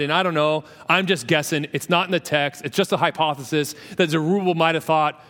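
A pastor preaching a sermon in a church, animated, calling on his congregation to answer and speak along, with joking asides. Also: on the high side, moderate pace. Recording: long reverb of a large hall.

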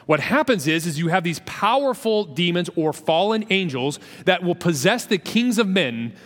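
A pastor preaching a sermon in a church, animated, calling on his congregation to answer and speak along, with joking asides. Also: sits high. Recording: long reverb of a large hall.

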